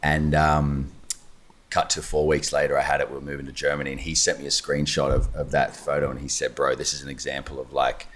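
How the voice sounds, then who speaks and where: A man, a guest actor, telling an animated story in casual chat. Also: a bass voice, brisk. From Australia. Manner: animated storytelling, quoting others.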